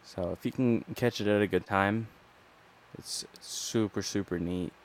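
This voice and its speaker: A man co-hosting a podcast in relaxed casual chat, hesitant, with many fillers. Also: fairly low pitch, measured pace, slight background noise. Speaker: podcast co-host.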